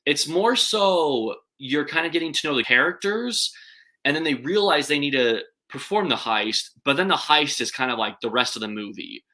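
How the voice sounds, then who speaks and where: Young man, bright clear tone, casual film review, rambling, self-correcting. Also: on the high side, expressive, normal speed. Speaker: movie reviewer. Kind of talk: casual live stream movie ranking.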